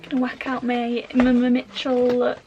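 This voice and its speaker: High, gravelly-edged young woman. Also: monotone, unhurried, muffled recording, slight background noise. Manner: chatty and slangy, with soft half-whispered asides. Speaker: beauty vlogger. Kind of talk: casual makeup tutorial chat.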